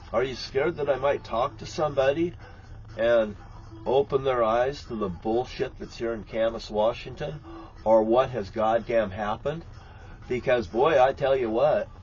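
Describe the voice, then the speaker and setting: A man rambles through a bitter, profanity-laden vlog monologue from inside his RV. His voice sits at an ordinary middle pitch. The recording is dull and lo-fi, with faint music behind him. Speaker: vlogger. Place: inside an RV lit by candles.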